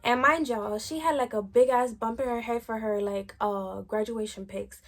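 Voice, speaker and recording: High-voiced young woman telling a story. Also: steady tone, moderate pace. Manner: slangy, chatty, lots of "like" fillers. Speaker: vlogger. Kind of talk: casual storytime chat.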